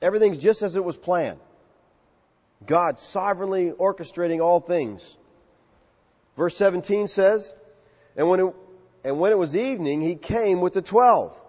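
A man's voice: sits high, moderate pace, long pauses, a little mellow. A male pastor preaching an expository sermon in an emphatic, conversational way, acting out quotes. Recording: muffled sound with long hall reverb.

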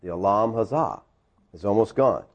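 A man's voice: fairly low pitch, moderate pace, dull audio. A man preaching a sermon as pastor, conversational, with teasing asides to his congregation in a church.

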